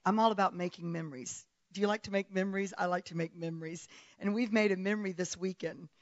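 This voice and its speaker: A woman's voice: medium pitch, steady tone, quick pace, dry recording, highs cut off. A woman from South Africa who grew up partly in Texas, a guest preacher opening her sermon with chatty remarks and laughter. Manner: warm, chatty, laughs often. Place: church pulpit.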